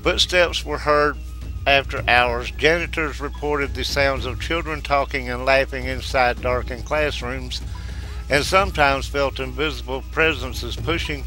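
A man narrating a ghost story as the show's host, telling it in a measured, steady way. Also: medium pitch, low-quality recording.

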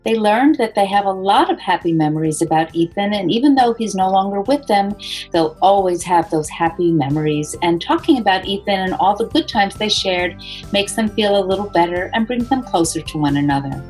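A woman, the author, reading her children's picture book aloud in a gentle, expressive storytelling voice. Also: mid-range voice, fairly quick, faint music behind, poor audio.

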